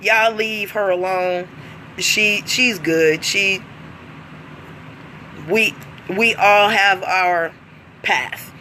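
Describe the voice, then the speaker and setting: Blunt, profane woman with a bright voice. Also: mid-range voice, steady tone, very slow, long pauses, slight background noise. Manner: blunt, profane, laughs often. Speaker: vlogger. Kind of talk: casual monologue.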